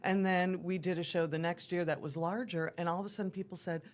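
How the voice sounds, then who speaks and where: A woman's voice: lowish voice, fairly even intonation, fast talker. A woman from the theater scene, a guest on a morning TV chat show, explaining things eagerly and at length. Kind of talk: casual interview.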